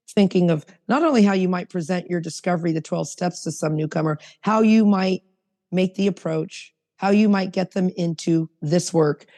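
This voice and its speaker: A woman's voice: fairly low pitch, mellow, in a large hall. A woman hosting a recovery podcast, speaking emphatically and reading passages aloud from a book. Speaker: podcast host.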